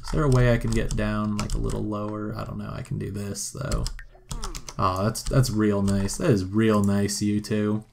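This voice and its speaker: A man's voice: fairly low pitch, level tone, moderate pace, vocal fry, a little hiss or hum. A man giving wry, joking let's play commentary on a life-sim game. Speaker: gameplay commentator.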